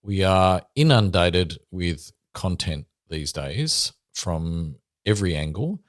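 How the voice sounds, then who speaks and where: A man's voice: low voice, animated, slow, dry recording, studio quality. A man hosting a podcast, asking long, rambling questions with restarts. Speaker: podcast host, interviewer.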